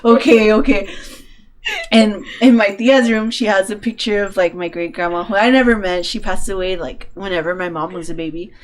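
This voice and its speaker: A woman podcast co-host telling a funny story in casual chat, animated and laughing often. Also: medium pitch, brisk, hardly any pauses.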